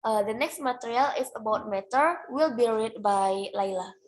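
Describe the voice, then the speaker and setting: A woman's voice: a little high, moderate pace, low-quality recording. A young woman, a student whose first language is Indonesian, giving a class presentation with many hesitant fillers. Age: young adult.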